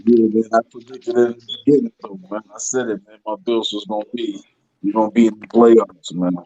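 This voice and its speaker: Low, husky man in casual sports talk. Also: steady tone, fairly quick, mellow, dull audio. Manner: laid-back, brief agreeing remarks.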